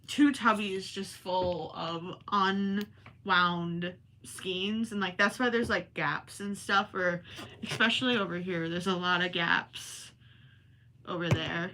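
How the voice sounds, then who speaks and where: Young woman crocheting on a livestream, super bright voice, rambly casual chat, keeps correcting herself. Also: lowish voice, fairly even intonation, slow, a little hiss or hum. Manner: chatty and rambling, self-correcting, talks while working.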